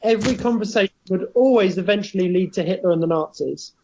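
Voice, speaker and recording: Measured man on a muffled mic. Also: high voice, creaky, warm tone. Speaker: podcast co-host. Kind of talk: casual chat.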